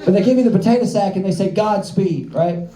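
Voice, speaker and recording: A man's voice: high-pitched, racing, crowd noise. A young man from the American South doing a stand-up comedy set with a loose, rambling delivery full of filler words. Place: comedy club stage with live audience. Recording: roomy club with audience laughter.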